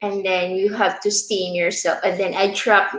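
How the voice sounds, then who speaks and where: A woman from the Philippines co-hosting a casual live stream, speaking softly and chiming in briefly with an occasional laugh. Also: medium pitch, level tone, normal speed, reverberant, low-quality recording. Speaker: co-host, the host's partner.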